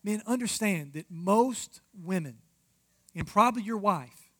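A man's voice: sits high, expressive, unhurried, fairly bright tone. A man preaching a marriage sermon as pastor, emphatic and addressing the congregation directly.

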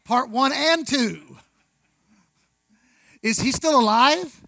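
A man preaching a sermon, conversational, with rhetorical questions, asides and slow, deliberate emphasis on key words. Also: extremely high pitch, vocal fry, bright, forceful tone, no room sound, poor audio. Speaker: pastor.

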